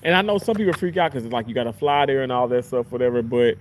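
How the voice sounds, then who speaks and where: A young man working as a surgical tech, telling work stories in a casual, animated vlog chat and swearing freely. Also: mid-range voice, fast talker, a little hiss or hum.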